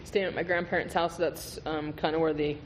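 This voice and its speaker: A man's voice: on the high side, level tone, a little fast. Frank, profane man telling his recovery story. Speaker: AA guest speaker. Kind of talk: candid recovery testimony. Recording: reverberant hall with faint noise.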